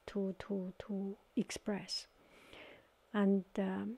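A woman telling a story in a soft-spoken ASMR style, halting and searching for words, often slipping into a whisper. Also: mid-range voice, level tone, vocal fry. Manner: partly whispered. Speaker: watercolor ASMR artist.

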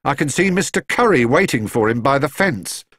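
A man playing a brisk, knowing housekeeper. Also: mid-range voice, animated, fairly bright tone, no room sound, studio quality, voice pushed up.

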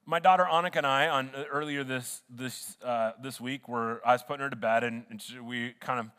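A man's voice: mid-range voice, brisk, fairly bright tone, clear, resonant tone. A man preaching a sermon as pastor in a church, earnest and conversational, often restarting his sentences. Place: church sanctuary. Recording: long hall reverb in a church.

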